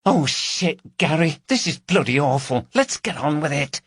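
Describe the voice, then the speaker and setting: A man voicing a jittery, foul-mouthed woman burglar who scolds her partner in a raised, shrill voice. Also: very animated, unhurried, husky, no room sound, clean studio sound, full character voice. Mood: anxious. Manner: shrill, swearing, panicky.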